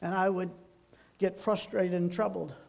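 A man's voice: sits high, little pitch movement, moderate pace, creaky. An older man, a pastor, giving a folksy sermon full of homespun, rambling anecdotes.

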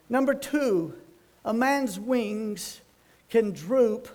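Older preacher telling a folksy story in a sermon, really high voice. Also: male voice, darkish tone. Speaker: pastor.

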